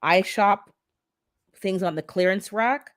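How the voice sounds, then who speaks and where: A woman's voice: mid-range voice, takes it slowly, no echo, studio quality. A middle-aged woman who immigrated to North America, hosting a casual livestream and chatting back to her viewers' comments. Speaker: livestream host reading the chat.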